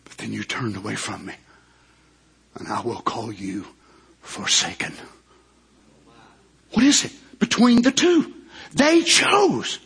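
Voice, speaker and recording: A man preaching a sermon as pastor, who swings between shouted climaxes and low hushed asides and draws out emphatic words. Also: huge pitch swings, unhurried, creaky, pauses often, slightly rough.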